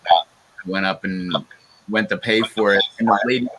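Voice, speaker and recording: A man's voice: fairly low pitch, steady tone, moderate pace, bright, forceful tone, slight background noise, rough recording. A man in a casual livestream chat, telling a laid-back, profane story and laughing along.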